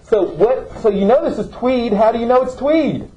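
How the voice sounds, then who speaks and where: A man's voice: extremely high pitch, animated, moderate pace, warm tone, highs cut off. A man teaching a classroom lesson, asking students questions and checking in with "okay?". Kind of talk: classroom lecture.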